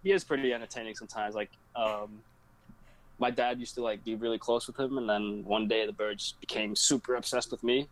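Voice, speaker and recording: A man's voice: lowish voice, steady tone, fairly quick, low-quality recording. A young man, a guest in a casual chat, telling stories in an easygoing way with little laughs.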